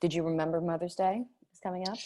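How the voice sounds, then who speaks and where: A woman's voice: fairly low pitch, fairly even intonation, dark tone. A woman hosting a podcast in casual, chatty conversation, giggling and teasing her co-host. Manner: chatty and giggly, quick to tease. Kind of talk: casual chat.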